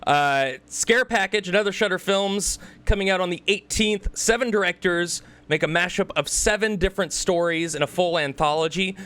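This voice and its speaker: A man's voice: high-pitched, pushed and bright, clean tone. Man running a casual movie news roundup. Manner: brisk listing of releases with quick asides. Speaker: podcast host.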